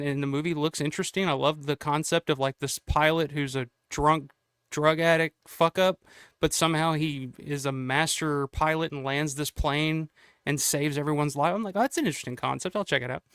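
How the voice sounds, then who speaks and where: A talkative man from the American South hosts a casual podcast conversation with energetic storytelling. His voice sits on the higher side and sounds smooth and clear. The recording is dry and close. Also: normal speed, no room sound. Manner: animated, talkative, swears casually. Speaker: podcast host.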